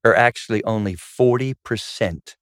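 A middle-aged man, a marriage counselor co-hosting a talk about marriage, teaches conversationally and emphatically, repeatedly driving points home with "guess what." His voice is lowish and moderately paced, recorded at studio quality with no echo.

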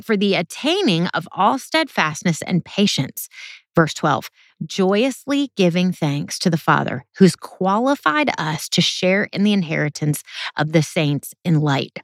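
A woman giving an earnest, emphatic sermon, reading scripture verses and explaining them, slowing down and speeding up to stress her points. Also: lowish voice, no echo, clean studio sound. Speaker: Bible teacher.

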